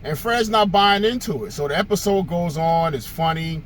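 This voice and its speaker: A man's voice: fairly high pitch, normal speed, a bit bright, a little hiss or hum. A male host giving a casual, conversational monologue, telling stories with frequent fillers.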